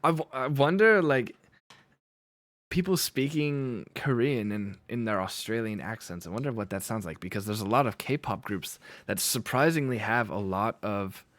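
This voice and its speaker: A man's voice: lowish voice, a bit bright, dry recording. Guy streaming on twitch, chatty, keeps laughing and fixing his own words, dry close mic. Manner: rambling, laughs often, self-corrects. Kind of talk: casual live-stream chat.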